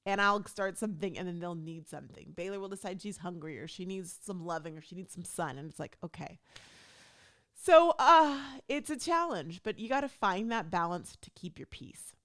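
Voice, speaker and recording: A woman's voice: lowish voice, a little fast, hardly any pauses. A woman hosting her own podcast, talking casually and chattily, acting out what people said to her. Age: adult stepmom. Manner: chatty, animated, acts out quoted talk. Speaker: podcast host. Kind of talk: casual solo talk.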